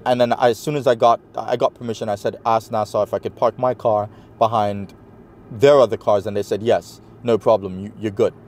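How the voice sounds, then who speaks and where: A man's voice: lowish voice, fairly quick, a little hiss or hum. A man with a New York accent, a guest in an interview, retelling a personal story animatedly and acting out the dialogue. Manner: animated retelling, acts out quoted dialogue, many fillers.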